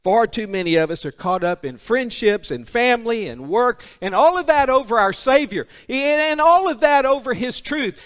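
A man preaching a sermon, alternating emphatic declarations with hushed, intimate passages. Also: very high-pitched, clear, resonant tone. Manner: emphatic, drops to a hushed intimate voice for solemn points.

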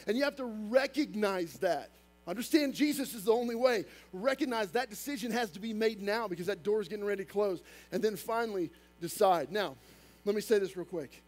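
A male pastor preaching a sermon, talking fast and emphatic, with casual asides to the congregation. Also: high voice, darkish tone, faint music behind.

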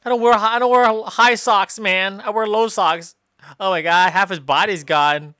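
A woman's voice: mid-range voice, normal speed, fairly bright tone, no room sound, clean studio sound. A woman giving comedic improvised gameplay commentary, playing exasperated and tacking "man" and "bro" onto her lines.

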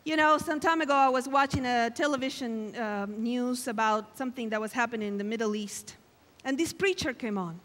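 A woman's voice: high-pitched, fairly bright tone, big-room sound. A woman preaching a sermon at a camp meeting, emphatic and exclamatory, acting out quoted lines with dramatic flair. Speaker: guest preacher. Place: large hall at a camp meeting.

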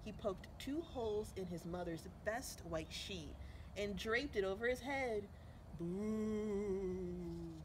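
A woman's voice: medium pitch, lively intonation, unhurried, a little hiss or hum, low-quality recording. A woman librarian leading a children's storytime, cheerful and encouraging, with sign language and a picture book.

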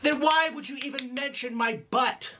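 A man's voice: extremely high pitch, moderate pace, pushed and bright, a little hiss or hum. A man delivering an angry, confrontational rant full of accusations and sarcasm. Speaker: video creator in an online feud.

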